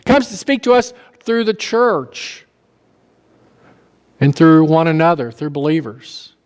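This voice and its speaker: A man's voice: on the high side, lively intonation, slow pace, clear, resonant tone, in a large hall. A man pastor preaching a sermon in a folksy, conversational way, with asides and questions to the congregation. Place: church sanctuary.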